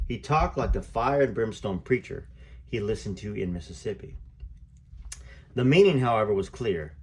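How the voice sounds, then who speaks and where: A man's voice: on the low side, a little mellow, slightly rough. A man reading a memoir aloud as a channel host, chatty, with fillers and self-corrections. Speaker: book reader and channel host.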